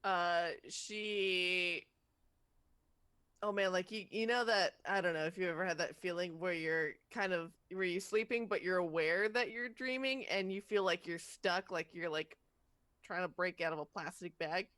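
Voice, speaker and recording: Tabletop player, rambling and halting, bright tone, dry sound. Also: mid-range voice, steady tone, clear, resonant tone, no room sound. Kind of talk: casual tabletop game play.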